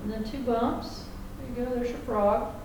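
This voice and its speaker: A woman's voice: on the high side, steady tone, moderate pace, noisy background. Chatty woman teaching a class. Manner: chatty, folksy, checks in with "okay?" often. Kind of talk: classroom lecture. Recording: echoey classroom from far off.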